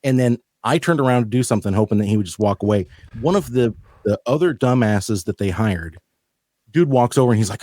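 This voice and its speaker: A podcast host tells stories in a casual, exasperated way, swearing as he goes. His voice is at a plain middle pitch for a man. The recording is dry and close. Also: expressive, a little fast, darkish tone, no echo. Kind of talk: casual storytelling chat.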